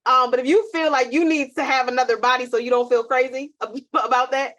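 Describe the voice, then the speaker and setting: Lively woman co-host, a bit higher voice, casual chat. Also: fairly quick. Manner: animated, acts out voices when telling stories. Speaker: podcast co-host. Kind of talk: casual podcast conversation.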